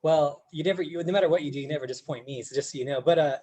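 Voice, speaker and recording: A man with a fairly high, dark-toned voice races through a casual chat, hosting a podcast as a coach with no echo. He's easygoing and supportive, often restarting his sentences.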